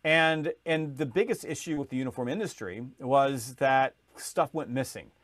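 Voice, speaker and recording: A man telling a sales story in conversation, animated, acting out other people's voices as he goes. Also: moderate pace, no echo. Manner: lively storyteller, acts out voices, rises in pitch when excited. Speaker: podcast guest, sales author.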